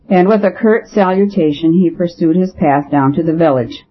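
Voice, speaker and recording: A man reading a novel aloud, with a measured, even delivery and light shifts for the characters. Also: on the high side. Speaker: audiobook narrator. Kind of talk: scripted narration of a novel. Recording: dull lo-fi audio.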